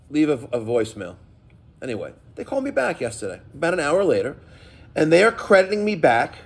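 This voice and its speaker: Animated, profane New tradesman ranting. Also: a little high. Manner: emphatic, profane, storytelling. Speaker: plumbing contractor. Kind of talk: casual vlog rant.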